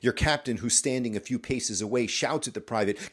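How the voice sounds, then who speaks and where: A man's voice: mid-range voice, a little fast, a bit bright. A man hosting a podcast, telling a story in a scripted, dramatic way and talking straight to the listener. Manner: dramatic, addresses the listener directly. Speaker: podcast host.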